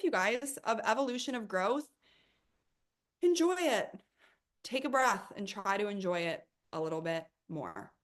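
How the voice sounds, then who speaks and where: A middle-aged woman with a slightly low voice hosts a live money workshop. She talks emphatically and with energy, addressing her viewers directly as she answers their questions. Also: fairly bright tone. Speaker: host of a money coaching workshop.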